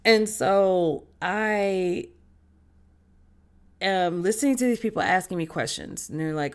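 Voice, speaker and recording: A streamer recounting a personal experience to viewers. The voice is mid-pitched and chatty, with animated jumps in pitch and loudness and casual slang. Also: slow pace, pauses often, smooth. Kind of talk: casual storytelling chat.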